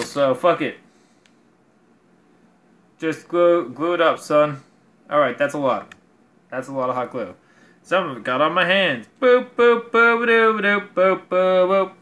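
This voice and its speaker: A man with a fairly high, bright voice rambles his way through a build as a vlogger. He swears freely and pokes fun at himself as the talk drifts from topic to topic. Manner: rambling, profane, self-mocking. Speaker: crafting vlogger. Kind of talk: rambling casual chat while building.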